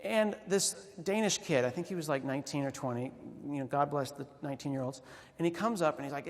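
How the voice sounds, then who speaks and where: A man with a fairly high voice tells a funny story on a conference stage and slips into quick voices for the people in it. The sound rings with the long echo of a large hall. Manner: animated storytelling with quoted voices. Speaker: conference speaker. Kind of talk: humorous conference talk. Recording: reverberant hall.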